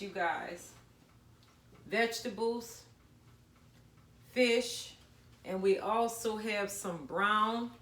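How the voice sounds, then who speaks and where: A woman's voice: medium pitch, fairly bright tone, echoey room. A woman casually talking viewers through a home cooking recipe, chatty and down-to-earth. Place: home kitchen.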